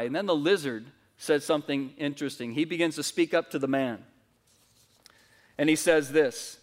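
A man's voice: a little high, normal speed. A man preaching a sermon at a church service, telling a story earnestly with frequent restarts. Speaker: pastor. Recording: reverberant church hall.

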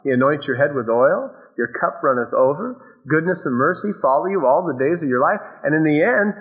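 A man's voice: on the high side, a bit bright. A man pastor delivering a conversational sermon, mixing scripture readings with playful everyday asides. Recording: slightly dull lo-fi recording.

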